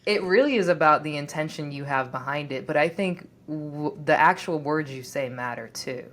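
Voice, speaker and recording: Deep-voiced woman, reflective podcast host, echoes guest's words. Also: normal speed, a bit bright. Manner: reflective, repeats guest's phrases back. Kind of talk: podcast interview.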